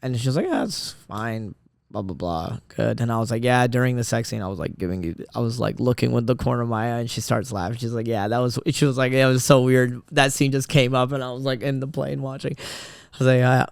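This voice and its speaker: A man's voice: medium pitch, steady tone, quick pace, gravelly, clean tone, no echo, clean studio sound. A man in his thirties hosting a solo podcast, telling a rambling story full of restarts and fillers. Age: 30s. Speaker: podcast host. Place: studio.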